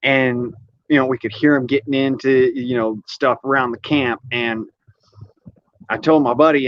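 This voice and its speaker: A rambling, folksy man with a drawl talks at an easy, unhurried clip, dropping a swear here and there. His voice sits at an ordinary middle pitch. The recording is a bit dull and lo-fi. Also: steady tone, slight background noise. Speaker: vlogger. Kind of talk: casual chat while showing an air gun. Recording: slightly muffled lo-fi audio.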